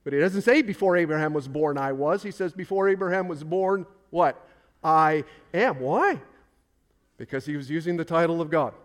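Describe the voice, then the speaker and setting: Man, pastor, sermon, emphatic, fairly high voice, soft-to-loud swings.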